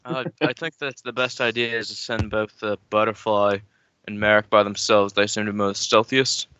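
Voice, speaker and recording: A man with a fairly low but bright, forward voice, trading deadpan jokes as a player in a tabletop game. The audio is muffled and lo-fi. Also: moderate pace, clean tone, no room sound. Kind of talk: casual chat in character.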